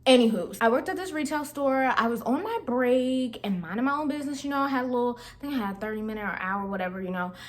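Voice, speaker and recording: A woman's voice: on the high side, fast, hardly any pauses. A young woman vlogger telling a casual storytime, chatty and slangy, talking straight to her viewers.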